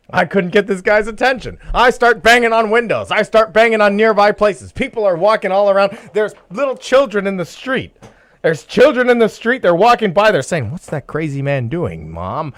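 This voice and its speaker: A man telling a personal story live on the radio as host, chuckling often and breaking into loud yelling. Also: high voice, lively intonation, moderate pace, no echo, clean studio sound. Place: radio studio.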